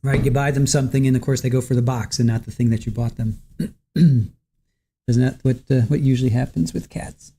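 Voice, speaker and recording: A livestream host in casual chat, reading out viewer comments in a relaxed, chatty way with the odd chuckle. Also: medium pitch, fairly quick, slight background noise.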